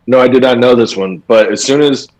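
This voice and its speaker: Male co-host, mid-pitch, hesitant rambler, casual and profane. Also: a little fast, darkish tone, lo-fi sound. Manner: rambling, hesitant, filler-heavy. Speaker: podcast co-host. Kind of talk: casual movie chat.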